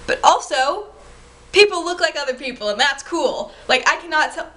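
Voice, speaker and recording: A woman vlogging casually to camera, rambling in an exasperated, excitable way. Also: high voice, normal speed.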